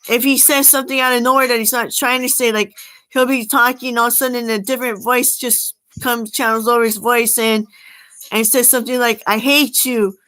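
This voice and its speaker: Bright, tense-voiced woman rambling on. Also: a little high, low-quality recording. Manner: rambling, halting, with many fillers and restarts. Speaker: channel host. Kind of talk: unscripted spoken monologue.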